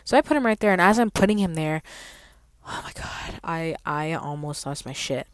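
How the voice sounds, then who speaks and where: Low-voiced woman, sassy storytime ranter, swears freely, dry close sound. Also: moderate pace, no echo. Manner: profane, blunt and sassy; animated with sudden emphatic outbursts. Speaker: valet parking attendant. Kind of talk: storytime rant.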